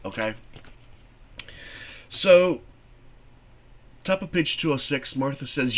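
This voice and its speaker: A man teaching a theater class, explaining a play in an animated, conversational way. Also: mid-range voice, takes it slowly. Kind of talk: classroom lecture.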